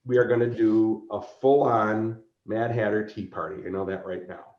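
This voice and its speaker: A man's voice: lowish voice, normal speed. A man being interviewed as a convention organizer, telling stories animatedly and acting out characters. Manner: animated storyteller who acts out characters. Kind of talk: casual podcast interview. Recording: roomy, slightly dull recording.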